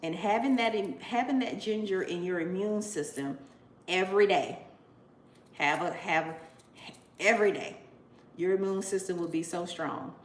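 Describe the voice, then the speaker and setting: A woman's voice: fairly low pitch, moderate pace, slight background noise. A woman in her forties talking casually to camera, effusive and chatty, often exclaiming with emotion. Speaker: vlogger. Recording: echoey room with faint ambience.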